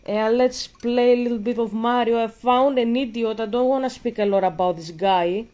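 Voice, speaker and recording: A woman's voice: a little high, fairly even intonation, moderate pace, mellow, muffled recording. A woman vlogger ranting in casual commentary while gaming, blunt and profane, a bit out of breath.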